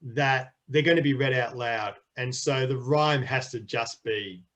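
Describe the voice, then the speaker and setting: A man's voice: medium pitch, measured pace, fairly bright tone, highs cut off. A middle-aged man, a children's author, chatting enthusiastically in an interview with frequent restarts. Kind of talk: casual interview chat.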